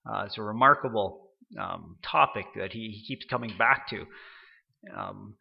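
A man giving an unscripted sermon, halting often and repeating words as he goes. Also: on the low side, gravelly, slightly rough, dull audio. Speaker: preacher.

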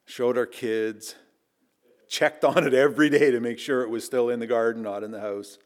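A middle-aged man preaching in a chapel, telling a personal story with earnest emphasis that drops to hushed asides. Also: medium pitch, fairly even intonation, normal speed. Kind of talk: storytelling sermon.

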